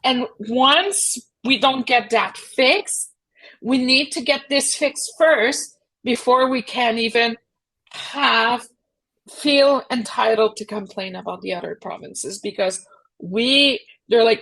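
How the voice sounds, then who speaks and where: A woman's voice: on the high side, a bit bright, husky, poor audio. A woman co-hosting a casual political podcast, talking in emphatic, opinionated bursts. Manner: emphatic, opinionated, quick outbursts.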